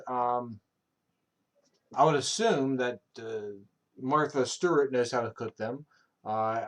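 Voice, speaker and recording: A man in his thirties chatting casually on a stream, rambling and swearing freely, with many ums. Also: medium pitch. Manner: rambling, filler-heavy, profane storytelling. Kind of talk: casual chat.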